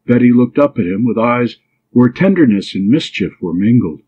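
A man reading an audiobook story aloud in a measured, expressive way. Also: medium pitch. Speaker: audiobook reader. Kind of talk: storybook narration. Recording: dull lo-fi recording.

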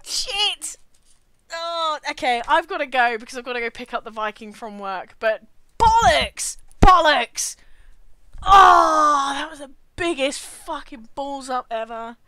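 High, bright British woman swearing loudly. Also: normal speed, few pauses, no room sound. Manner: swears constantly, loud exasperated outbursts. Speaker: game streamer. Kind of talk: live-streamed gameplay commentary.

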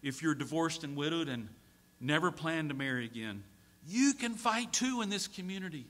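A middle-aged man preaching a sermon as a pastor, moving from hushed storytelling to pleading shouts. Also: a little high, animated, normal speed. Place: church sanctuary.

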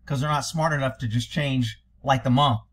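A man's voice: medium pitch, steady tone, moderate pace, a bit bright. A man commenting on police videos from a cop's point of view, blunt, sarcastic and profane. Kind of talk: reaction commentary.

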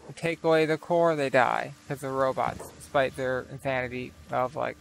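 A man's voice: mid-range voice, steady tone, moderate pace, creaky, few pauses, a little hiss or hum. A man giving casual, profane, incredulous let's play commentary over his game. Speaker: gaming video creator.

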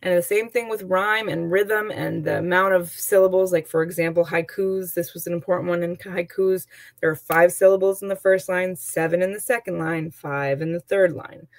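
A woman's voice: lowish voice, gravelly, no room sound. A woman teacher giving an online lesson, chatty and explaining with examples and asides.

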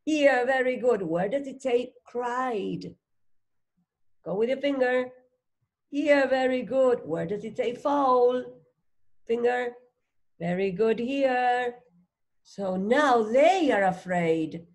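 A woman teacher reads a phonics storybook to a child at a very slow pace. Her voice is higher than most and gravelly, with lively swings in pitch. She asks questions and praises the child as she goes. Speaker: teacher reading a phonics book. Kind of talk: slow read-aloud lesson for a child.

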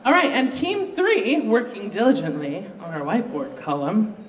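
A host running a live student pitch contest in a university library event room. The host is chatty and upbeat and pokes fun at their own slip-ups. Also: expressive, normal speed, recorded from a distance. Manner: upbeat, chatty, self-mocking. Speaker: game show host. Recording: roomy, echoey room recorded from afar.

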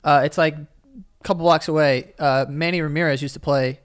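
A man's voice: fairly high pitch, fairly even intonation, brisk, clean tone. A man from New York co-hosting a podcast, talking in a laid-back, dry and profane way in an indoor studio. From Astoria, Queens, New York. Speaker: podcast co-host. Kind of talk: casual chat.

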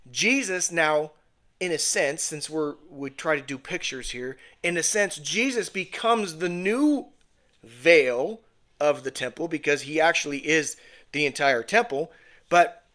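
Guy leading a home bible study, talks slow, kinda high voice, keeps asking right? okay?. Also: fairly bright tone. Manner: conversational, checks in with the group. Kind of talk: informal sermon teaching. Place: home fellowship gathering.

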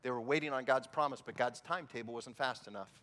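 A man's voice: medium pitch, quick pace, a bit bright. A man preaching a sermon as pastor, telling stories with jokes in a conversational way. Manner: humorous, conversational storytelling. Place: church sanctuary. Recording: long reverb in a church hall.

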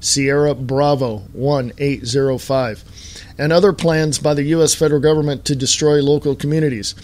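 A man hosting his own podcast in a talk-radio monologue style, hammering points home with slow, stressed words and repeats. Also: fairly high pitch, steady tone, darkish tone. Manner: emphatic, repetitive, slowed stress on key words. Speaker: podcast host.

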